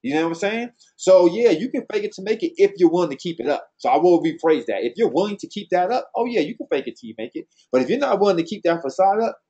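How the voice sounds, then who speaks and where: A man with a slightly high, husky voice talks fast and bluntly to his team, full of slang and conviction. The recording sounds dull and lo-fi. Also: expressive, dark tone. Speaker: team trainer. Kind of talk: motivational team talk.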